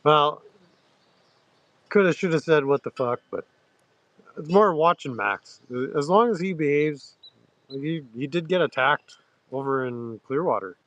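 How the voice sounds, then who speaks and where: A man hosting a livestream, chatting loosely to viewers with crude slang, halting restarts and frequent throat-clearing. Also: a little high, animated, a bit bright, dull audio. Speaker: livestream host. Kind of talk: rambling casual chat to viewers.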